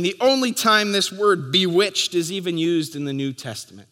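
A man in his thirties preaching a sermon as pastor, telling stories and acting out the crowd's shouts. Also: high voice, very animated, normal speed, few pauses. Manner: storytelling, acting out crowd voices. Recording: long hall reverb.

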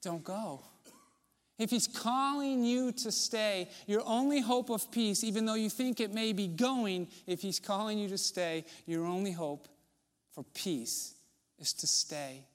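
A man gives a sermon in a lightly pitched voice, talking to the congregation like a friend. He asks rhetorical questions and sinks into soft, low tones for emphasis. His words ring out with a long reverb, as in a large sanctuary. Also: a little slow. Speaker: pastor.

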